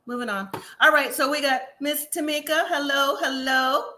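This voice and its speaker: A woman hosting a casual live-stream recap of a reality show, chatty and sassy, acting out what people said in quick asides. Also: high-pitched, bright, forceful tone.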